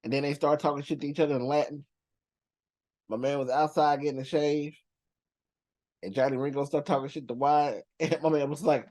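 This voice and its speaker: A man's voice: a little high, moderate pace, darkish tone. A man hosting a movie reaction channel, counting down characters in casual, profane slang and laughing often.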